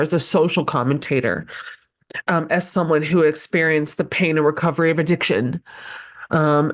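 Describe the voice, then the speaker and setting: Low-voiced gushing woman podcast host. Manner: gushing, emotional, with frequent ums and restarts. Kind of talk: heartfelt guest introduction.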